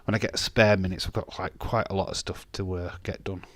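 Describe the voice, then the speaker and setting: A man's voice: low voice, steady tone, a little fast, dry recording. A man, casually chatting on a live stream and bantering with chat comments, swearing now and then.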